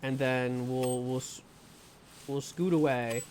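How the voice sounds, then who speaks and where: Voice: mid-range voice, steady tone, slow pace, a little mellow, slight background noise. A live streamer giving gameplay commentary, talking to viewers, nervously narrating each move, swearing and pleading over and over with anxious laughs.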